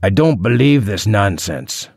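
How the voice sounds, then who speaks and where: A man voicing a heavyset, menacing kidnapper boss who interrogates slowly and deliberately in an audiobook. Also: on the low side, expressive, vocal fry, darkish tone, slightly rough, dry recording, clean studio sound, exaggerated voice. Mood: threatening. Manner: slow, heavy, deliberate questioning.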